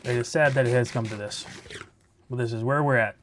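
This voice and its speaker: A man's voice: mid-range voice, a little fast, a bit bright, a little hiss or hum. A man hosting a Minecraft let's play, giving casual, laid-back commentary and thinking aloud as he plays.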